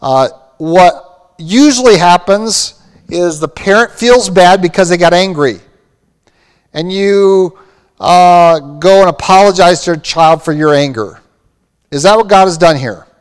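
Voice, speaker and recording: Man pastor, high voice, earnest sermon delivery; echoey hall sound. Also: unhurried, clean tone. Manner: earnest preaching, quoting scripture.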